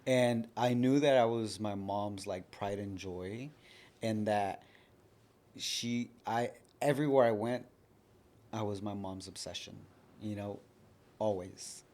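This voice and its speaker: Speaking at a slow pace, a man in his thirties with a fairly low, darkish voice recounts his own experiences as a podcast guest. His storytelling is frank and chatty, sprinkled with frequent "like" fillers.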